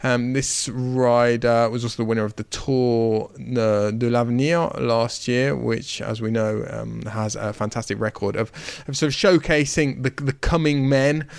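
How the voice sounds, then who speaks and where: A man hosting a podcast, steering a panel discussion in a measured, articulate way. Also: medium pitch, fairly even intonation, creaky, clear, resonant tone, no echo. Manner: measured, articulate, leading the talk. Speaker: podcast host.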